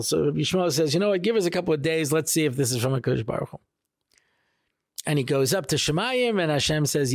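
A man's voice: fairly quick, no echo, clean studio sound. A man, a rabbi, telling a weekly Torah talk in a casual, jokey storytelling way and acting out the quotes. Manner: animated, jokey, acts out quotes with big pitch jumps.

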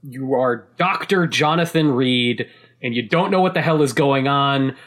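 A man chatting casually about a video game, excitable and rambling, with many restarts and laughs mid-sentence. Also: mid-range voice, measured pace. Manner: casual swearing.

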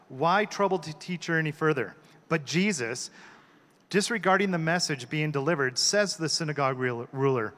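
Higher-voiced man reading scripture. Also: expressive, a little fast, a bit bright. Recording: echoey hall.

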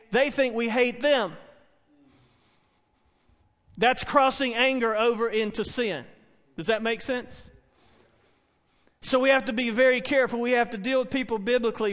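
A middle-aged Baptist pastor preaching a sermon in earnest, repetitive phrases, asking the congregation questions in a church. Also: male voice, very high-pitched, fairly bright tone. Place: church sanctuary. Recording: long hall reverb.

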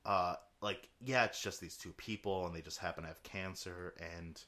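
A man's voice: low-pitched, normal speed, pushed and bright. A young man hosting a podcast in casual chat, joking and teasing his guest. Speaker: podcast host.

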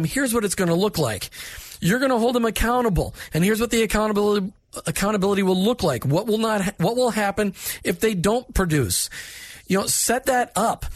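A man with a notably high voice talks through workplace advice in a direct, plainspoken way. The recording is dry and close, with no room sound around him. He sounds instructive and conversational, like a manager coaching other managers. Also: no echo.

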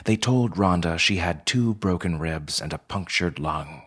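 A man with a husky voice reading a story in measured, steady scripted narration. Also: sits low.

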